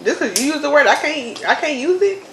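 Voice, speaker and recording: A woman's voice: high-pitched, fairly quick, roomy sound, a little hiss or hum, low-quality recording. A woman in her thirties, hosting a casual chat and laughing often as she repeats words. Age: 30s. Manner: animated, laughing, repeats words to test them. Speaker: mother and channel host.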